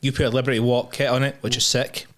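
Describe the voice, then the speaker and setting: A man hosts a relaxed podcast chat. He laughs easily and keeps the guest talking with quick, short questions. His voice sits at a middle pitch. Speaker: podcast host.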